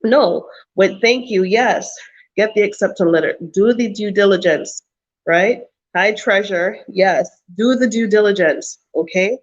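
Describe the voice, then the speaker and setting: Woman on a livestream giving blunt advice, mid pitch, kinda muffled audio, keeps repeating herself for emphasis. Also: a little slow. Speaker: vlogger answering live chat. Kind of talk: casual livestream advice talk.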